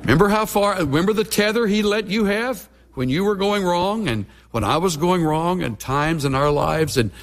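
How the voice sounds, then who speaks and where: A man's voice: high voice, expressive, moderate pace, few pauses, big-room sound. A middle-aged man, a pastor preaching a sermon with folksy, humorous storytelling.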